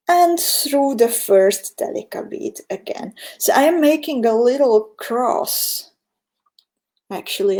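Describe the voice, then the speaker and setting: A woman's voice: on the high side, dark tone. A woman with a Hungarian accent, a native Hungarian speaker, teaching a beading tutorial on a live stream, chatting about viewer comments and giving step-by-step instructions. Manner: chatty, reads viewer comments aloud, laughs often.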